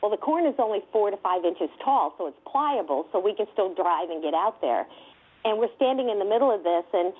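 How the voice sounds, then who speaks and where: A woman investigator telling a story with excitement, laughing often and using many fillers. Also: medium pitch, a little fast, breathy edge. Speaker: guest UFO investigator. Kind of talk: animated storytelling. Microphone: telephone. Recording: tinny phone line.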